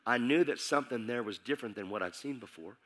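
A man's voice: medium pitch, fast talker, fairly bright tone. A middle-aged man preaching his testimony as a sermon, telling his story intensely and acting out the dialogue.

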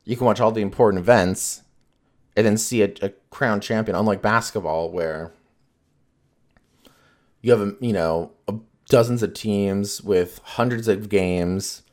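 A man's voice: on the low side, fairly even intonation, a little slow. A man chatting casually as a podcast host, rambling and swearing freely with lots of fillers. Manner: rambling, profane, filler-heavy. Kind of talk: casual chat.

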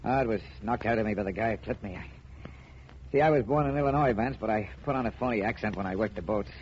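A battered card sharp, played by a man, stammers out slangy pleas for help. The sound is a muffled old radio broadcast. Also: lowish voice, fast, slight background noise, close to an everyday voice. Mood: pleading. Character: battered male card sharp, nervous and pleading. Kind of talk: 1940s radio acting.

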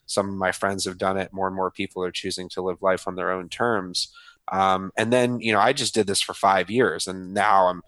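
A man's voice: low voice, level tone, moderate pace, fairly bright tone, dry recording. A man in his thirties, a guest author talking casually and with enthusiasm in a podcast interview, often saying "man" and "dude". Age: 30s.

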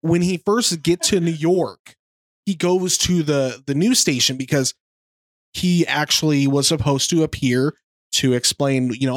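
A man co-hosting a podcast, retelling film scenes in casual chat with animated delivery. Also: on the high side, normal speed, no echo. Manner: animated storytelling, slips into a mimicked accent. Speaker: podcast co-host.

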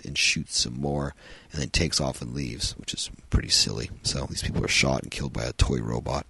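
Very deep gravelly male podcast host. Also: steady tone, moderate pace, bright, forceful tone, slight background noise. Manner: rambling, many ums and uhs. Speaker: podcast host, film reviewer. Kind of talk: casual solo film review.

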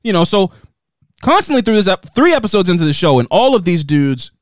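A man co-hosting a casual podcast, sarcastic and lively, who laughs often and slips into quick impressions. His voice sits fairly high and swings widely in pitch. The sound is dry and close. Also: no echo. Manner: animated, sarcastic, laughs often, acts out quotes. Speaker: podcast co-host. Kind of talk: casual chat recapping a TV show.

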